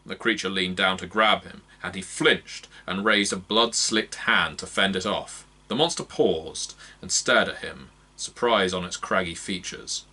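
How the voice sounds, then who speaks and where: A man narrating a fantasy novel aloud in a measured, expressive reading. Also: deep voice. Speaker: audiobook narrator. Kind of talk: scripted narration.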